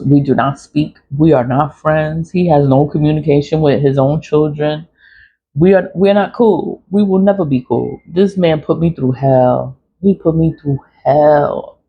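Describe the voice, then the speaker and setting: A woman's voice: low-pitched, dark tone, a little hiss or hum. A woman around forty, telling her story in a blunt, profane, laughing casual monologue. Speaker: vlogger. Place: home in the city early morning. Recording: dull lo-fi recording.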